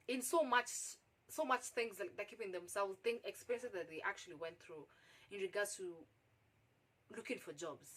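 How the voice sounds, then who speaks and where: A young Kenyan woman telling a personal story on her vlog, animated and exclamatory, slipping Swahili into her English. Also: mid-range voice. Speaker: vlogger.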